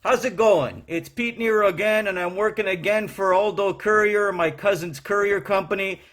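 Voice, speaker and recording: A man's voice: sits high, normal speed, fairly bright tone. A man playing a foul-mouthed angry courier clerk. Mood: ranting. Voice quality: brash, swearing, ranting. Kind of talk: comedy character monologue. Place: home.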